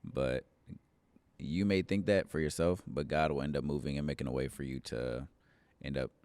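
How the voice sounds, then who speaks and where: A young man telling a personal church story in relaxed, earnest podcast chat. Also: rumbling low, moderate pace, clean tone, no room sound. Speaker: church member, podcast guest.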